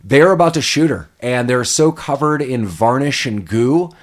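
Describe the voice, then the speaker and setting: A man hosting a casual podcast, recapping a film scene and tossing in quick voices for the characters. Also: medium pitch, expressive. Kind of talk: casual chat.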